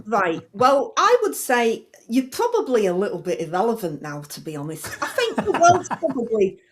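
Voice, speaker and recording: A woman's voice: fairly high pitch, very animated, normal speed, slight background noise. A woman voicing a brash, blunt woman politician who hands out advice in a comic radio sketch, talking in casual slang and brushing things off. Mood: brusque. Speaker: agony aunt in a comedy sketch.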